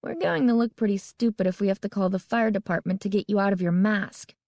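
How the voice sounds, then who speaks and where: A woman's voice: medium pitch, a little mellow, no echo, studio quality, lightly acted. A woman voicing a chatty young girl who teases with a slightly sarcastic edge. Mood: teasing. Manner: brisk, a bit sarcastic.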